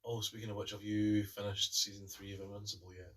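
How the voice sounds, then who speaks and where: A man's voice: lowish voice, little pitch movement, quick pace, a bit bright, distant mic. A young Scottish man joking around as a player in a casual quiz. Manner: joking, wisecracking.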